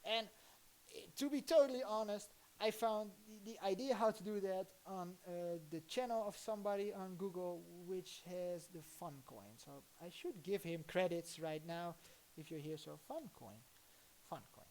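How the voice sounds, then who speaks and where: Fairly low in pitch and darkish, a Dutch woman's voice is backed by a little hiss or hum. She works on her computer during a live stream, chatting casually in a rambling, thinking-aloud way full of halting restarts.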